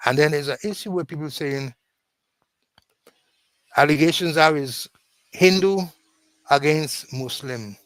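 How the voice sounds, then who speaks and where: Man, slow and halting, middle pitch, dry close sound, co-host of a political talk. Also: fairly bright tone, no echo, rough recording. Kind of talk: political commentary.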